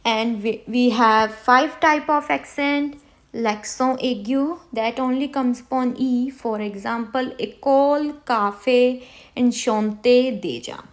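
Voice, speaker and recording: Slow, patient woman teaching beginners. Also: high voice. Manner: slow, repeats words for students to hear. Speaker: French teacher. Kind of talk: beginner language lesson.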